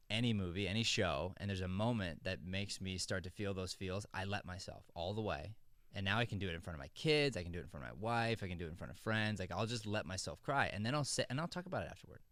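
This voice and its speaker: A man's voice: sits low, fast talker, fairly bright tone, dry recording, studio quality. A middle-aged man hosting an acting podcast, talking in an earnest, rambling way with frequent restarts. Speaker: acting coach and podcast host. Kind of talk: casual podcast chat.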